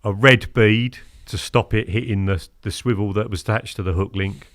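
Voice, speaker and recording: Guest in his fifties, low voice, dry sound, animated storyteller. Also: normal speed, no echo. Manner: animated, acts out quotes, keeps asking "do you know what I mean?". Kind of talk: casual storytelling interview.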